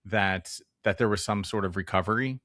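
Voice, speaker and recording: A man's voice: fairly low pitch, moderate pace, bright, forceful tone, dry recording, studio quality. A young man hosting a podcast, asking long, rambling interview questions full of fillers like "like" and "um". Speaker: podcast host.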